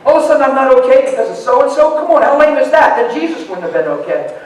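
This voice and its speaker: A man's voice: very high-pitched, very animated, quick pace. A man preaching a sermon in an emphatic, conversational way, speaking directly to a crowd. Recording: echoey hall from far off.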